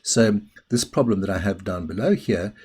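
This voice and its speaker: A middle-aged man teaching maths in a recorded lesson. His voice sits low and has a slightly husky edge. He talks casually and pokes a little fun at himself while he works through each step of the calculation. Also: moderate pace, darkish tone. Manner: chatty, self-deprecating, explains step by step.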